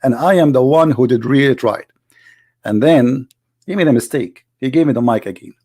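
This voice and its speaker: A man giving heated, rapid rebuttals. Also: medium pitch, mellow, breathy edge. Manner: argumentative, mocking, rapid rebuttals. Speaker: streamer commenting on a debate clip. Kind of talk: heated livestream commentary.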